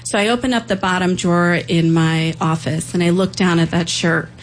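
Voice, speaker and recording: A woman's voice: on the low side, fairly even intonation, normal speed, slight background noise, low-quality recording. A woman telling an earnest, emotional personal story on stage, acting out the voices of the people in it.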